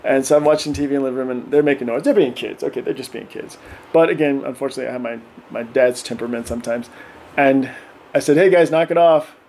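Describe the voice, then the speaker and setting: A middle-aged man telling animated stories in casual podcast chat, often acting out voices and laughing. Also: mid-range voice, fast, vocal fry. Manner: animated, acts out voices of his kids and himself, laughs often. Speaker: podcast guest.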